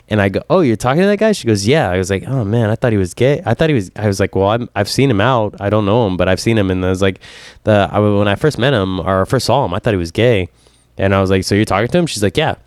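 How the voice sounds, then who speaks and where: A man on a casual podcast, telling a long story with lively swings and quoting himself in a higher voice. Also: clear, resonant tone, dry recording, studio quality. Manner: animated storyteller, voice jumps up when quoting himself. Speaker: podcast co-host.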